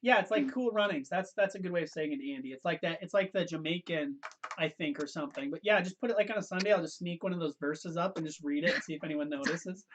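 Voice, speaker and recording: A young man hosting a youth ministry livestream, chatting loosely with quick restarts and easy laughs. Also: fairly high pitch, a bit bright, slight background noise. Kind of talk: casual livestream chat.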